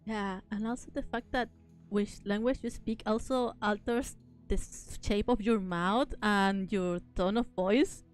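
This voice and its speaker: A woman whose first language is Spanish, chatting casually as a streamer host in a soft, giggly way. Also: mid-range voice, steady tone, unhurried, faint music behind. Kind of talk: casual chat.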